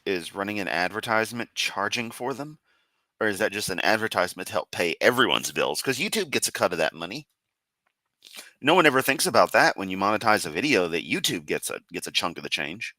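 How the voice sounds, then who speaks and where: A man reacts on a live stream, his delivery lively and swinging up and down. He is sarcastic and teasing and laughs easily. His voice is bright and close, recorded dry with no room sound. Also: on the low side, no echo. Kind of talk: casual commentary stream.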